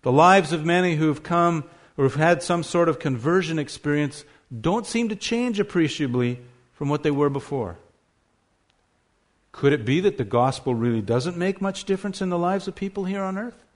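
A man's voice: fairly high pitch, animated, moderate pace. A man preaching a sermon, emphatic, asking rhetorical questions and stressing key words.

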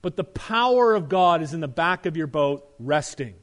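A middle-aged male pastor preaching a sermon, emphatic, asking rhetorical questions and dropping to a soft, earnest tone. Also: on the high side, expressive, moderate pace.

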